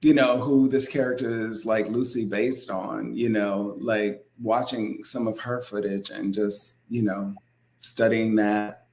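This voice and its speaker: Animated, laughing guest full of fillers. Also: male voice, lowish voice, unhurried. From not from New Orleans. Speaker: actor guest. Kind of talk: casual interview chat.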